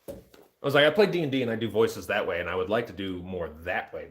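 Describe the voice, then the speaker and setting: A man in his thirties rambles through a casual livestream chat, cracking jokes at his own expense. His pitch jumps around lively as he talks, and his attention drifts from one thing to the next. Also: fast. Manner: joking, self-deprecating, easily distracted.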